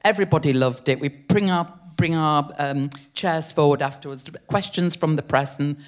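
An older woman, a writer telling an animated story on stage, acting out the voices of the people in it. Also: low-pitched, normal speed. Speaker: guest writer. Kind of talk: live on-stage interview storytelling. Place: theatre stage before a live audience.

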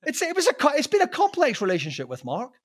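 A man telling anecdotes as a podcast guest, laughing often, swearing, and slipping into quick impressions. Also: very high voice, wildly swooping pitch, no room sound, studio quality.

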